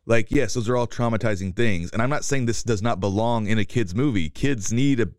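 A man's voice: fairly low pitch, darkish tone, clear, resonant tone, dry recording, clean studio sound. A young man co-hosting a podcast, chatting casually about a movie and teasing his co-host. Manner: teasing, quick to correct, joking. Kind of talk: casual movie review chat.

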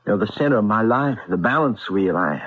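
Huge earnest young guy, kinda husky voice, old radio play. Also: on the low side, animated, a little fast, phone-quality sound. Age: 20s. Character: giant young man, earnest, brooding and perceptive. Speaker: son, basketball star. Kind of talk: 1970s radio drama acting.

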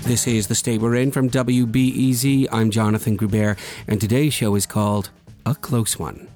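A man hosting a public radio program, narrating from a script. His pitch sits in the middle range and his delivery is measured and polished, with faint music underneath. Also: fairly even intonation. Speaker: radio host.

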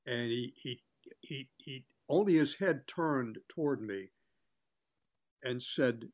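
A man's voice: mid-range voice, takes it slowly, pauses often. Older man telling showbiz stories. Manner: chatty anecdotal telling, acting out quotes. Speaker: sports broadcaster and guest. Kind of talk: casual storytelling in an interview.

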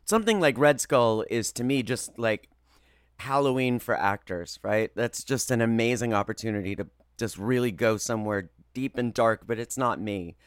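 Smooth-voiced male actor telling stories. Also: mid-range voice, normal speed, no echo, studio quality. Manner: expressive, lively retelling with playful voices. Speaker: voice actor guest. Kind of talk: animated interview storytelling.

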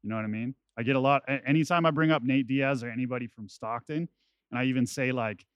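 A man's voice: mid-range voice, fast talker, clean tone, no room sound. A man who works as an MMA journalist, chatting animatedly on a podcast and swearing casually. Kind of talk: casual chat.

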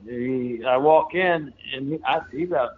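A man's voice: mid-range voice, unhurried. Rambling storyteller man on a phone line. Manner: rambling, folksy, lots of fillers. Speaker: interview guest. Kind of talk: casual storytelling. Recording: phone-like narrow sound.

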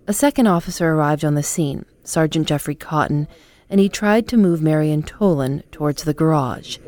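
Low, mellow-voiced woman narrating. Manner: calm, measured storytelling. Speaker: podcast host and narrator. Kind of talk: scripted documentary narration.

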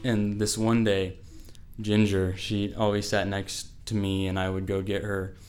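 A man's voice: on the low side, level tone, measured pace, a little mellow, soft background music. A teenage boy telling a personal story to an audience, casual and full of "like.". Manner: casual, fills speech with "like".

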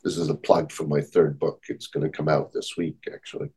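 A man's voice: a bass voice, little pitch movement, brisk, a little mellow, breathy edge, poor audio. A man, a therapist and author, speaking earnestly and reflectively as a podcast guest, often repeating his key points. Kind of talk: conversational interview.

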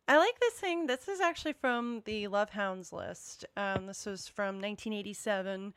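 A woman's voice: medium pitch, normal speed, few pauses, a bit bright, clear, resonant tone, dry recording. A woman chatting casually on a music podcast, rambling with many restarts. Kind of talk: casual chat.

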